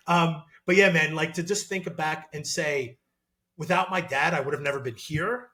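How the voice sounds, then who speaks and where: A man in his thirties, a former college football player, talking as a podcast guest in an animated, excitable way with lots of fillers. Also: a little high, moderate pace, slight background noise. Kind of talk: casual podcast interview.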